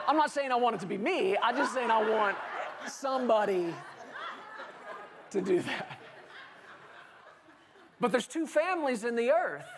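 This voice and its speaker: A male pastor preaching a sermon to a congregation, telling lively stories and acting out dialogue with humor. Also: high voice. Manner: animated storytelling preacher, acting out dialogue with laughter.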